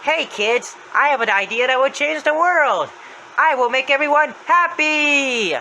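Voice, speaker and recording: A man voicing a cheerful but menacing male apple mascot killer, in high, drawn-out sing-song threats. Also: expressive, pushed and bright, a little hiss or hum, full character voice, poor audio. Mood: sinister cheer.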